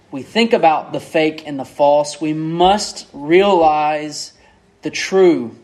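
Slow, measured male pastor preaching. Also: on the high side, a little mellow. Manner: measured, repeats and stresses key words. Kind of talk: sermon.

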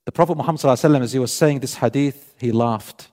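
Guy preaching a sermon, lively storyteller, acts out the dialogue, long echo like a big hall. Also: mid-range voice, racing. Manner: animated storytelling, voicing both sides of the dialogue. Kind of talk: sermon retelling a hadith.

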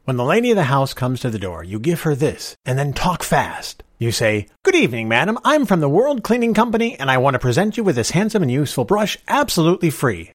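Storybook figure: man voicing a stout, easygoing older stranger, higher and louder than the narrator, husky. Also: dry recording, studio quality, full character voice. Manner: easy, gently persuasive, gleeful bursts. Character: stout kindly older male stranger, quietly knowing.

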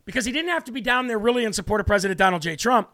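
A man hosting a political commentary show, talking combatively and emphatically straight to his viewers, and slowing down to repeat key points. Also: high-pitched, animated, sharp tone.

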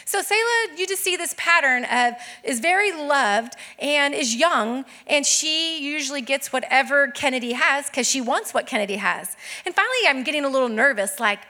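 A woman pastor in her thirties preaches with a high, bright voice. She tells her stories with lots of energy and acts out each person's lines. Her delivery stays lively and expressive throughout. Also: normal speed. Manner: animated storytelling with acted-out quotes. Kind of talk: sermon.

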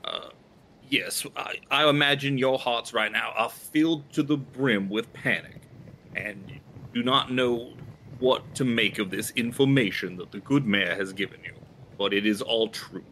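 A man playing a grandiose male author giving a formal speech to calm a crowd in a tabletop game. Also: medium pitch, measured pace, a little hiss or hum.

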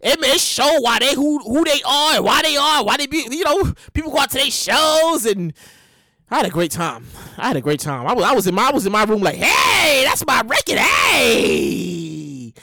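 Animated, high-voiced slangy show host. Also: fairly quick, no echo, studio quality. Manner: animated, rambling, repeats lines, curses freely; slangy, conversational delivery. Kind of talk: casual celebrity news commentary.

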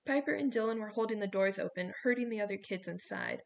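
A woman narrating a novel as an audiobook in a steady storytelling manner. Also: medium pitch, quick pace, creaky.

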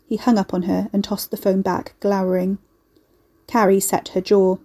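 A woman narrating a dark fantasy story in an expressive audiobook reading. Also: medium pitch, normal speed.

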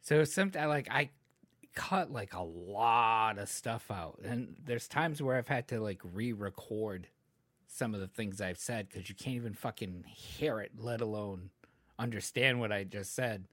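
A man's voice: lowish voice, unhurried, no room sound. A man hosting a podcast in casual chat, rambling with lots of fillers and casual swearing. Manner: close to the mic, sometimes trails off quietly. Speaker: podcast host and editor.

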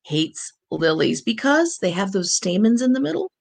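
Woman co-host, gravelly fry in the voice, frank, wry, conversational. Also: mid-range voice, big pitch swings, moderate pace. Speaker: podcast co-host, grief counselor. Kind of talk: casual chat.

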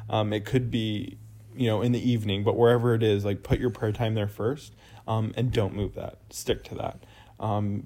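A young man co-hosting a casual faith talk, telling stories in a chatty, animated way with lots of fillers. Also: lowish voice. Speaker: podcast co-host.

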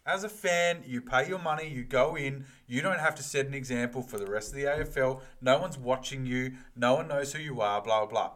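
An Australian man co-hosting a casual podcast chat, firm and measured as he pushes back. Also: mid-range voice, fairly bright tone. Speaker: podcast co-host.

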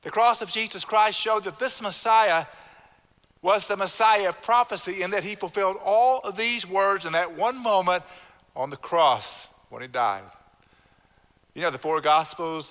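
A man's voice: on the high side, a bit bright. A man, a pastor preaching a sermon with emphatic repetition and calling on the congregation to repeat lines. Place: church sanctuary. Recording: long church hall reverb.

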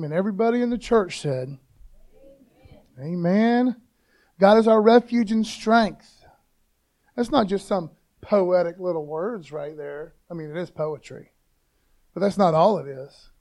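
Guy preaching a laid-back sermon, high voice, keeps saying man, gets loud on the scripture parts. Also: a little slow, long pauses. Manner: conversational preaching, slangy, calls listeners "man"; rises to loud emphatic reading of scripture. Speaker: pastor.

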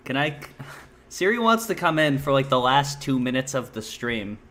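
A man's voice: mid-range voice, big pitch swings, normal speed, fairly bright tone. A man hosting a casual podcast chat, sarcastic and rambling, swearing freely. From lives in New York. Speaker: podcast host.

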